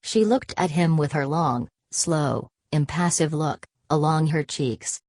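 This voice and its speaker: Low-voiced woman reading a novel. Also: no room sound. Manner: steady, measured reading with quoted dialogue. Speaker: audiobook narrator. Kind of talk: scripted narration.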